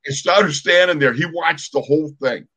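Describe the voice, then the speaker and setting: Former pro lineman in his 60s, podcast co-host, slightly high voice, animated storyteller who acts out the sounds and quotes. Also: moderate pace, breathy edge.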